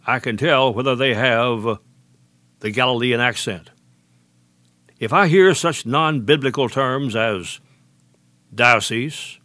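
Man preaching a measured sermon. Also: medium pitch, fairly bright tone, dry recording. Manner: measured, deliberate preaching with slowed emphasis on quotations.

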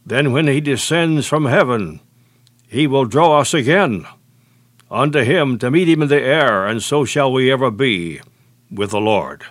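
A man preaching a sermon, measured and deliberate, slowing and dropping low on key phrases. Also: no room sound.

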